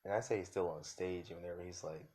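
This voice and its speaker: Deep-voiced young man rambling casually. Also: fairly even intonation, fast talker, darkish tone. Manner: rambling, loose slangy talk full of fillers. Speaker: YouTuber. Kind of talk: improvised fan-fiction storytelling.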